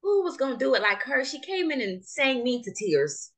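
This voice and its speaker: A woman's voice: high voice, moderate pace. A young woman from Jamaica co-hosting a podcast, chatting casually and animatedly, often laughing as she talks. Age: young adult. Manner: animated, laughs while talking. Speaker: podcast co-host. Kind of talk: casual chat.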